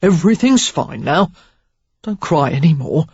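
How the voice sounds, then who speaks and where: A reader doing a gruff rakish gentleman. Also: medium pitch, very animated, measured pace, no room sound, lo-fi sound, exaggerated voice. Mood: gruff, soothing. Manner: gruff, clipped reassurances.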